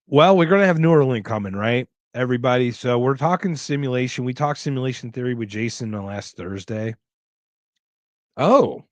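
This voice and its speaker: A man's voice: mid-range voice, no echo. Guy rambling thru a livestream q&a, jokey, keeps restarting, dry close mic. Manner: rambling, joking, with restarts and movie impressions. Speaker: podcast host. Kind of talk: casual livestream chat reading audience questions.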